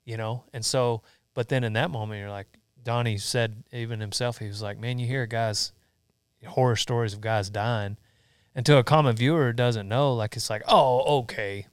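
Laid-back male host, smooth voice, dry close mic. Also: mid-range voice, steady tone, moderate pace, no room sound. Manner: laid-back, lots of "like" and "dude". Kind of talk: casual chat.

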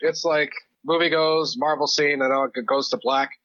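A man's voice: fairly high pitch, fairly even intonation, moderate pace, bright, forceful tone, dry recording, dull audio. A man co-hosting a casual podcast, reacting and asking questions about a film. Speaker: podcast co-host. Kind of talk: casual movie chat.

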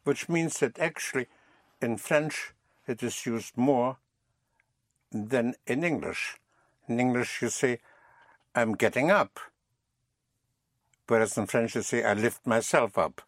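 A man teaching a recorded language lesson, patiently drilling phrases, repeating them and gently correcting his students. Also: mid-range voice, slow, long pauses, no room sound, clean studio sound.

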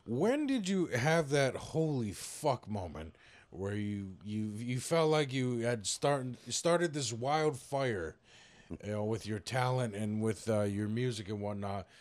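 Loose, profane podcast host. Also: male voice, medium pitch, animated, slow, a little mellow. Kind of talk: casual chat. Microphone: studio mic.

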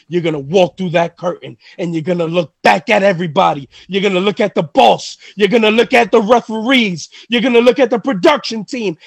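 A man's voice: high voice, creaky, no echo. A man who wrestles, cutting an intense trash-talking promo on a live podcast. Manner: intense trash talk, rising to shouting.

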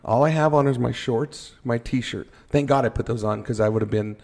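A man telling a firefighting story in a casual podcast chat, animated and joking at his own expense. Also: mid-range voice, normal speed. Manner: animated, acts out his own panicked thoughts, jokes at himself.

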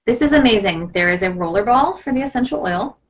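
A woman's voice: on the high side, expressive, fast talker. A woman hosting a live video stream in a casual, gushing and impassioned way, sometimes slipping into a preachy tone. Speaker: host of a live product video.

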